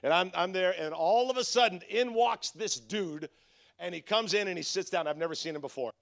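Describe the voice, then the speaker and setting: A male pastor preaching a conference sermon, telling a story with lively, animated delivery and acted-out voices. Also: high-pitched, a little fast, gravelly.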